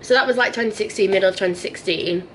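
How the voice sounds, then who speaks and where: A young woman with a Yorkshire accent chatting casually and quickly with a friend in a hotel room. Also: mid-range voice, fairly bright tone, a little hiss or hum, low-quality recording. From Yorkshire, England. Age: young adult. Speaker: vlogger. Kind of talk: casual chat.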